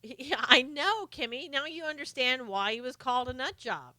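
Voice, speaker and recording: A woman's voice: high voice, moderate pace, pushed and bright, dry recording. A middle-aged woman hosting a live stream, chatting casually and sarcastically about politics while greeting viewers by name.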